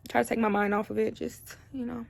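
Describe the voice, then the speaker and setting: A woman's voice: a little high, level tone, quick pace, gravelly. A young woman, talking to camera at home through tears, rambling and confiding in her viewers. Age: young adult. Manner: tearful, rambling, speaks straight to viewers. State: crying on and off. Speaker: vlogger. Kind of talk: emotional confiding chat to camera. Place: at home, indoors.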